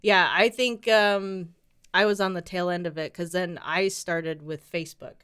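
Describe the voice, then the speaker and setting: Bright, crisp-voiced young woman chatting. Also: fairly low pitch, fairly even intonation. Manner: chatty and quick to laugh, swears casually. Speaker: podcast co-host. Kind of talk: casual chat.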